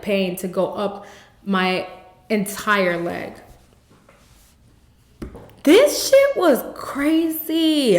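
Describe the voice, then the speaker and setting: A young woman tells a personal story on her podcast, candid and emphatic, leaning on "like" and dropping blunt curses. Her voice sits at a middle pitch. The recording is roomy, with a clear echo around her. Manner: candid and emphatic, frequent "like" fillers, blunt swearing. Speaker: podcast host. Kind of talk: personal testimony, casual storytelling.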